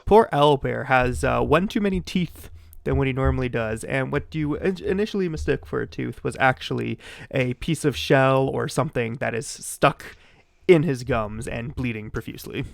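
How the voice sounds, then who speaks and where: A man as game master narrating a tabletop game, relaxed and rambling with fillers. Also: mid-range voice, normal speed, gravelly, no echo.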